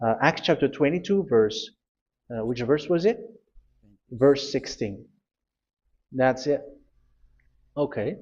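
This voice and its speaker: A man preaching a sermon, insistent and repetitive, often pausing with hesitations. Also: medium pitch, animated, darkish tone. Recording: dull lo-fi recording.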